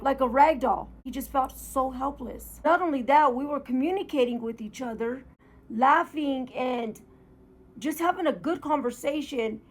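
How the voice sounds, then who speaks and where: A woman vlogger telling her story at home in a casual, candid, earnest way, swearing freely. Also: high voice. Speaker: motorcycle vlogger. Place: at home, in pajamas.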